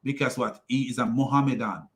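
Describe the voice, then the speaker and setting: A commentary channel host with a mid-range voice talks a little fast in a ranting video. He mocks, repeats himself, and often breaks into laughter.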